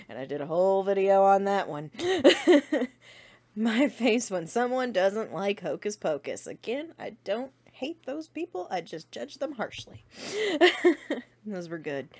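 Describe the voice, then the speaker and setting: Giggly young woman with a lively voice. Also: medium pitch. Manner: giggly, chatty, laughs often. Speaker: fan channel host. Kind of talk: casual fan vlog, reading out memes.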